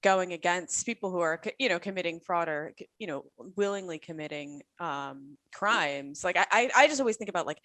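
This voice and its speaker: A woman's voice: fairly low pitch, brisk, hardly any pauses, a bit bright, no echo. A woman hosting a podcast, asking questions in a casual way and hunting for words with many "like" fillers. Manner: frequent "like" fillers, searching for words. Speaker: podcast host. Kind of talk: conversational interviewing.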